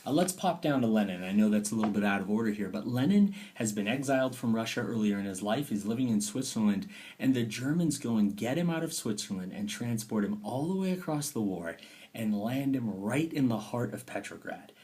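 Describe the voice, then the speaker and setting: Lively man teaching a history lesson. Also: on the low side, a little fast. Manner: lively, dips into playful whispers and mock quotes. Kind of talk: recorded history lecture.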